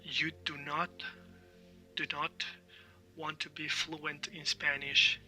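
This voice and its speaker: A man's voice: a little high, level tone, slow, sharp tone, recorded from a distance, faint music behind. A man teaching a language lesson, explaining patiently, repeating words for drills and often checking in with "all right?".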